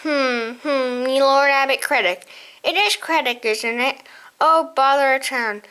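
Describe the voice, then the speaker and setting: Lady reading as a doddery old mouse guy, mumbles hmm hmm, high voice. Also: unhurried, pushed and bright. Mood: doddering. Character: ancient frail male mouse record-keeper.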